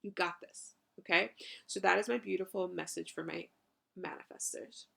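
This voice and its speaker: A woman's voice: fairly low pitch, a little fast, creaky, fairly bright tone, husky. A woman hosting a channeled spiritual podcast, talking effusively with casual swearing and lots of "you know" and "right?". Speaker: podcast host and spiritual coach.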